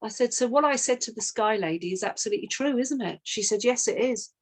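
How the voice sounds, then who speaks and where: A woman's voice: on the high side, animated, fast, husky. A middle-aged woman leading a team coaching session, telling a sales story and acting out both sides of the call.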